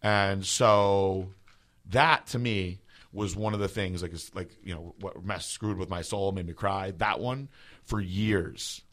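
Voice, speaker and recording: Rambling, foul-mouthed podcast host, low voice. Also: male voice, fairly even intonation, slow pace, fairly bright tone. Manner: rambling, heavy "like" filler, profane. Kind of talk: casual storytelling chat.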